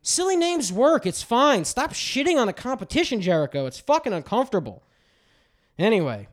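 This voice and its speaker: A man's voice: extremely high pitch, big pitch swings, moderate pace. A man hosting a podcast, ranting in a casual, profane way about wrestling and telling stories. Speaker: podcast host.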